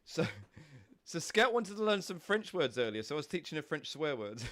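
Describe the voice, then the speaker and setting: Streamer, young man, congested and snotty, loose chatty delivery with casual swearing, a touch high-pitched. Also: sing-song, moderate pace, a bit bright. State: stuffy nose from a cold. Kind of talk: casual live-stream chat.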